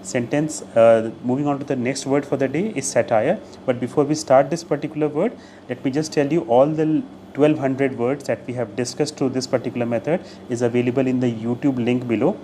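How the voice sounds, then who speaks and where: A man's voice: medium pitch, fairly even intonation, brisk, warm tone, a little hiss or hum. A man teaching English vocabulary in a video lesson, explaining words step by step, repeating key phrases and slipping in short Hindi glosses.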